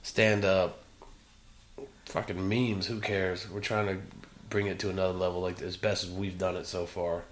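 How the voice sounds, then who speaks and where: A man's voice: sits low, level tone, normal speed, roomy sound, a little hiss or hum. A man co-hosting a podcast in casual chat, brash, profane and teasing. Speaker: podcast co-host.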